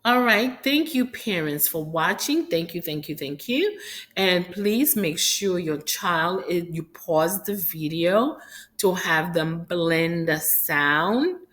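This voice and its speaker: A woman leads a phonics drill for small children. She speaks very slowly, sounding out each letter and repeating every word. Her voice sits a little low. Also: expressive, a bit bright. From Haiti. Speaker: phonics teacher.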